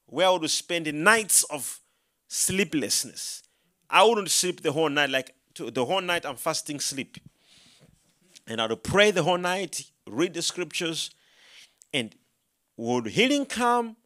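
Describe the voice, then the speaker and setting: A male preacher with a fairly high, bright voice delivers a sermon in an animated storytelling way. He swings between hushed, low asides and loud, emphatic proclamations, acting out his own prayers as he goes. His pitch moves constantly. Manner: rising to loud emphatic proclamation when quoting scripture.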